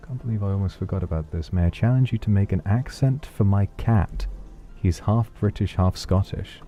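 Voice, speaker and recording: A male streamer with a very low, dark, mellow voice, chatting softly and fondly to viewers. He muses as he reads donations. Faint music plays underneath. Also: moderate pace, dull audio. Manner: soft, affectionate, musing. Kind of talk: casual chat reading donations.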